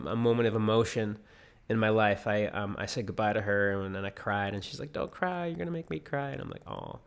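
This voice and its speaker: A young man from the United States tells a personal story in a loose, rambling way. He fills the gaps with ums and likes and keeps restarting his sentences. His voice sits a little low. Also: a bit bright, smooth. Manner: rambling with many fillers and restarts. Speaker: vlogger. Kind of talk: casual storytelling.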